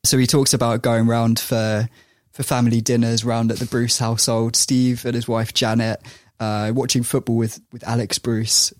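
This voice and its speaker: A man's voice: mid-range voice, flat delivery, normal speed, few pauses, no echo, studio quality. A man, co-hosting a casual podcast chat, telling a story with frequent laughs and restarts.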